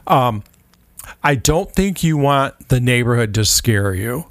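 A man co-hosting a food podcast in a small studio, chatting in a relaxed, rambling way with many fillers. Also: mid-range voice, takes it slowly, no room sound. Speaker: podcast co-host. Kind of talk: casual chat.

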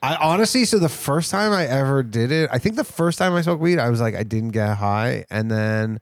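A man's voice: mid-range voice, expressive, brisk, no room sound, studio quality. A young man from Canada chatting casually as a podcast co-host, easygoing and hesitant with many fillers and restarts. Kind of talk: casual chat.

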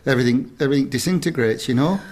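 Man, podcast co-host, casual advice, mid pitch, chuckling asides. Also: very fast, darkish tone. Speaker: co-host agony uncle.

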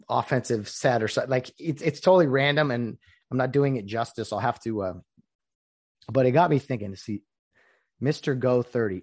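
A man's voice: medium pitch, vocal fry. Opinionated guy rambling on his own podcast, throws in mocking asides. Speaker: podcast host. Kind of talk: casual solo podcast monologue.

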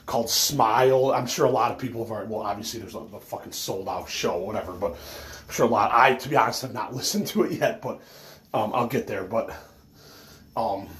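A man's voice: fairly low pitch, a little fast, a bit bright. A man telling a rambling story about collecting autographs, full of fillers and swearing, who says he is stoned.

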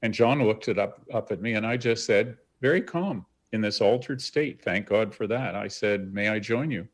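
A Canadian man recounting a story in an interview, animated and acting out the quotes. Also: lowish voice, normal speed. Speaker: guest.

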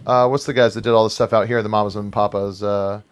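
A man's voice: on the low side, steady tone, fast talker. A man hosting a casual podcast chat, rambling and cursing, with lots of fillers and restarts.

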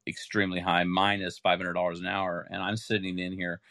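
A man with a lowish voice hosts a casual podcast conversation. He is emphatic and stacks repeated words to drive his points home. The sound is close and dry. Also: little pitch movement, fairly quick, a bit bright, dry recording. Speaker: podcast host. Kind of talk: casual chat.

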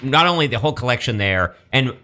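A man's voice: medium pitch, lively intonation, quick pace, pushed and bright. A man hosting a casual studio interview, hesitant and full of "uh" fillers as he builds his questions. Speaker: podcast host.

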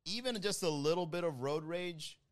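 The man's voice sits on the high side, clear and resonant, at a normal speed. As host of a casual stream, he reads out chat comments and riffs on them in loose banter, with a lot of laughter.

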